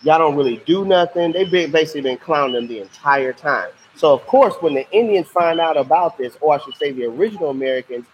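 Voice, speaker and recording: A man's voice: on the high side, fast, hardly any pauses. A man with a slightly raised voice teaches history on a casual livestream, full of slang and questions for his viewers. The audio is dull and lo-fi, with a faint hiss behind it. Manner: lively, slangy, asks questions to the class.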